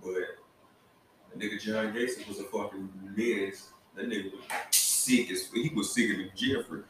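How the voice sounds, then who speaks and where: Excitable profane man, echoey and distant. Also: lowish voice, moderate pace, noisy background. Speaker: podcast co-host. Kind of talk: casual chat. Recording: echoey room, distant mic.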